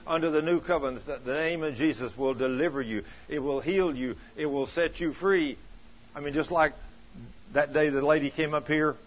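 Man preaching in a husky voice. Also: on the high side, normal speed, muffled recording. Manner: earnest storytelling, quoting scripture. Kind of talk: sermon.

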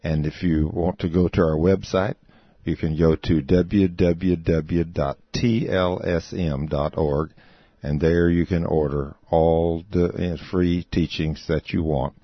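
A man's voice: deep voice, steady tone, no echo. A man closing a ministry radio program with contact details. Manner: slow, plain announcing. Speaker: ministry host. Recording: dry, dull radio sound.

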